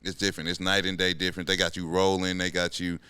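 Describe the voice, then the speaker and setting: Podcast host in his thirties, deep voice, bright tone, laid-back, slangy. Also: flat delivery, fast, smooth, no echo, clean studio sound. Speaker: podcast host, former pro football player. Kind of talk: casual podcast chat.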